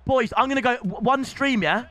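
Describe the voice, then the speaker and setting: A young man commentating excitedly on his own video game stream, shouting between calm stretches. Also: very high voice, normal speed, noisy background. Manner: excitable, shouts and swings between hype and frustration.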